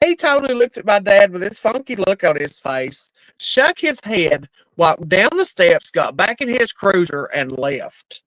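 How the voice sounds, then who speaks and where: A middle-aged woman telling stories in casual chat, animated and laughing, with plenty of cursing. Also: mid-range voice, unhurried, few pauses, no room sound, low-quality recording. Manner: animated, laughing, profane storyteller.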